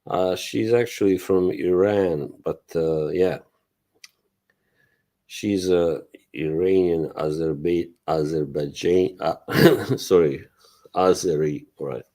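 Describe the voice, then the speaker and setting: A man's voice: deep voice, takes it slowly, mellow. A man hosting a casual live stream, rambling loosely, swearing and laughing as he talks to his chat. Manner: greets and answers chat viewers. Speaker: livestream host.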